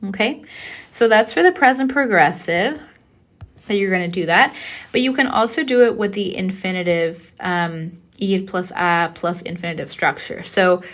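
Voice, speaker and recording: Woman instructor, recorded lecture, patient and explanatory, mid-pitched. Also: moderate pace, a bit bright. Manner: patient, explanatory, checks in with "okay?". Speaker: Spanish teacher.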